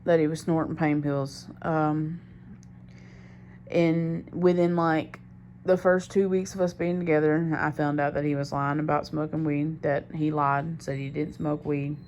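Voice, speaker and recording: A young woman with a notably low voice tells a personal story straight to the camera. She rambles candidly and keeps doubling back mid-sentence, with a faint hiss under her voice. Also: level tone, a little slow, darkish tone. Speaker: diary vlogger. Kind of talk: confessional storytelling monologue.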